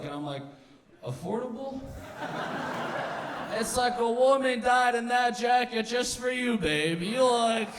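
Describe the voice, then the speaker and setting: A man's voice: a little high, roomy sound, recorded from a distance. A young man doing a stand-up comedy set, rambling and stumbling over his words, acting out his own and other people's lines. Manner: rambling, self-interrupting, acts out quotes.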